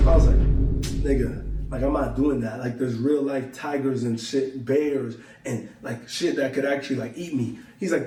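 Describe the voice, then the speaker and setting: A young man tells a long personal story in loose, slangy talk, acting out what he and his friend said to each other. His voice is mellow and dark rather than bright. The recording sounds roomy, with him sitting a little back from the mic. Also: medium pitch, normal speed, far from the mic, a little hiss or hum. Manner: loose slangy storytelling, acts out both sides of conversations. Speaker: vlogger telling a story. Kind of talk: casual storytelling to camera.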